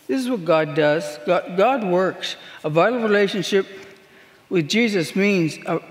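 Earnest woman minister, emphatic sermon testimony, long hall reverb. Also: fairly low pitch. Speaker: prison minister.

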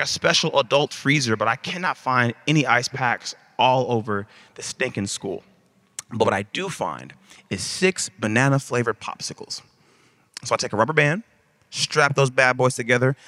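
A man preaching a sermon, telling a comic story in an animated, conversational way. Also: a little high, a little fast, dry recording, studio quality. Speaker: pastor.

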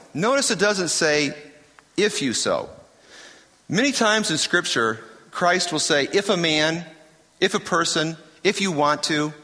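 A middle-aged male preacher delivers a sermon with a bright, forceful voice. He is emphatic, throws out rhetorical questions and hammers key phrases through repetition. His voice rings out with a long reverb through a church hall. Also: medium pitch.

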